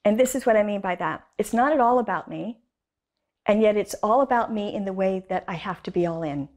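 A woman's voice: medium pitch, a little fast, a little mellow. A woman, a guest artist, telling stories in an interview with enthusiasm and emphatic repetition. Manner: enthusiastic, emphatic, with repeated phrases. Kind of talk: interview storytelling.

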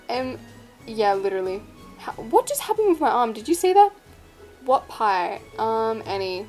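A woman's voice: mid-range voice, a little mellow. A young woman giving chatty, playful, self-mocking commentary while playing a game, with faint music behind her. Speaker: gaming vlogger. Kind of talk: casual gameplay commentary.

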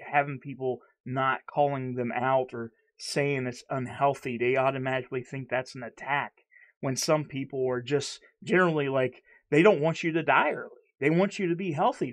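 Man talking in a heated, stuttering way. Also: on the high side. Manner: stuttering, repeats himself, earnest and heated. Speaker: vlogger. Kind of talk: candid personal vlog monologue.

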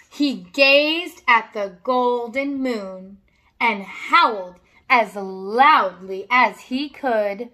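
A woman reading a children's story aloud at home in an expressive way, with little asides to her listeners. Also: fairly high pitch, extremely slow.

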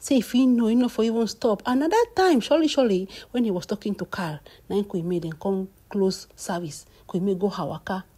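Woman, Nigerian accent, gossip vlogger, mellow husky voice, exclamatory. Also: medium pitch, brisk, hardly any pauses. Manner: exclamatory, addresses viewers as "my people". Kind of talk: celebrity gossip commentary.

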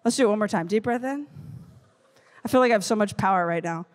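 A woman in her thirties giving a lively, playful talk to teenagers at a youth conference. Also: mid-range voice, quick pace. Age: 30s. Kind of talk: motivational talk to teens. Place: conference stage before a crowd.

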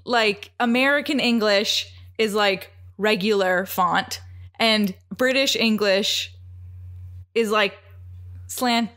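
A woman's voice: medium pitch, slow, a bit bright, dry recording, clean studio sound. A young woman co-hosting a podcast, chatting casually in a playful, giggly way with lots of "like"s. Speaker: podcast co-host. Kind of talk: casual chat.

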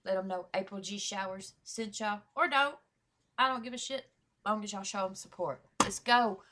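A woman hosting a reaction vlog, talking in casual slang, full of shout-outs and swearing, hyped up for the track. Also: mid-range voice, fairly even intonation, moderate pace, noisy background. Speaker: YouTube reaction host.

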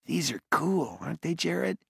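A man's voice: fairly high pitch, lively intonation, moderate pace, vocal fry, slightly rough, dry recording, clean studio sound, pitched above the performer's own voice, exaggerated voice. A man voicing an eager, chatty young boy in an audiobook. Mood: curious. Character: cheerful curious young boy, animal lover.

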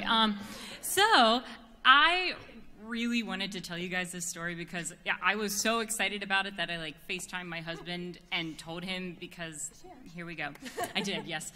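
A woman's voice: medium pitch, pushed and bright. An American woman singer telling a giggly, self-deprecating story between songs on a concert stage. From United States. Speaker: quartet bass singer. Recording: reverberant concert hall.

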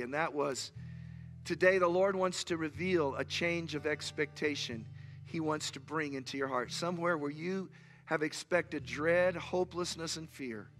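A man's voice: a little high, a bit bright, long reverb tail. A man preaching a sermon as pastor in a church, telling a personal story with earnest intensity and then rising to fervent appeals to the congregation. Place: church sanctuary.

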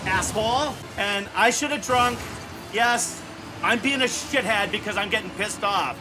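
A man's voice: high voice, a little slow, music in the background. A man in his fifties giving profane, exasperated gameplay commentary and scolding the game aloud. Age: 50s. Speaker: gaming channel host.

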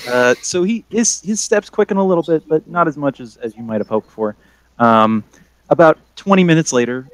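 Brief: young male game master, mid-pitched, casual and halting, dry close sound. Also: no room sound. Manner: casual, halting with many fillers. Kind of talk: narrating a tabletop game.

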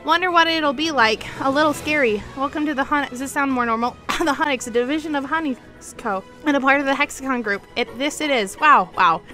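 A woman's voice: sits high, brisk, bright, forceful tone, faint music behind. A young woman vlogger reading a movie script aloud in a casual way, giggling and restarting lines.

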